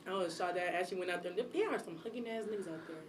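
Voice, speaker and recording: A woman in her twenties co-hosting a casual podcast chat, talking quickly and animatedly, laughing often. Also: lowish voice. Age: 20s. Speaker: podcast co-host.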